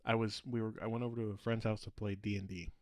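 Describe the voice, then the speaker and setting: A man's voice: fairly low pitch, level tone, quick pace, no echo. Male podcast co-host, casual rambling storyteller, laughs through his own stories, dry close sound. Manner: rambling storyteller, laughs often, trails off mid-sentence. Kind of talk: casual chat.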